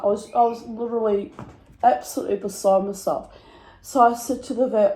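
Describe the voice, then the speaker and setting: A woman's voice: a little high, little pitch movement, fairly quick, dark tone, roomy sound, rough recording. A woman, telling a story to camera in a dramatic, breathless way and acting out the people in it. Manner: dramatic, breathless retelling with put-on voices. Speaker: vlogger.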